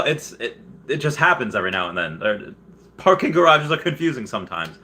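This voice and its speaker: A man's voice: lively intonation, a little fast. A man hosting a casual livestream, reading viewer comments aloud and rambling with frequent laughs and restarts. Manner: bursts into high, loud put-on voices when quoting. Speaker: livestream host.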